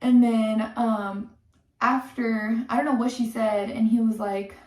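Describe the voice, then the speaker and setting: A woman's voice: fairly high pitch, level tone, normal speed, a little mellow, recorded from a distance. A young woman telling a story in a heated, swearing rant, with lots of "like" between her words. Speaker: content creator telling a story. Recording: echoey room, off-mic.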